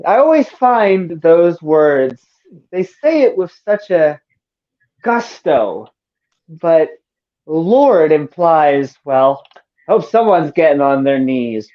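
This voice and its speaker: Playful woman podcaster, dull lo-fi sound. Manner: playful, jokey, bursts into silly high squeals. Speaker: podcast co-host. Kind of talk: casual podcast chat. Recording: dull lo-fi audio.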